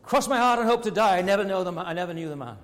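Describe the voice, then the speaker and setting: A man's voice: high voice, big pitch swings, very fast, darkish tone, long reverb tail. A preacher voicing a frightened man who flusteredly insists he never knew his teacher.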